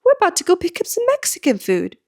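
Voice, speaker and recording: Woman doing a posh british coworker, super polite, high and singsongy. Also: huge pitch swings, quick pace, darkish tone, exaggerated voice. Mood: doting. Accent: British, as put on. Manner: sing-song, doting politeness.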